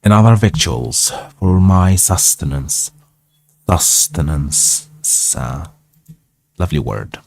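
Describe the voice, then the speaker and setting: A man's voice: sits low, animated, measured pace, vocal fry, a little mellow. A man whose first language is Arabic hosts a live English reading stream, reading a classic novel aloud. He reads carefully, repeating phrases and sounding out difficult words.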